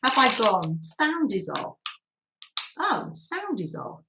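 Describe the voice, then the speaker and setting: A woman's voice: a little high, wildly swooping pitch, slow pace, vocal fry, bright, forceful tone, reverberant, slight background noise. A woman hosting a craft livestream, chatting casually and giggling as she reads out viewer comments on her phone. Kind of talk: casual live chat with viewers.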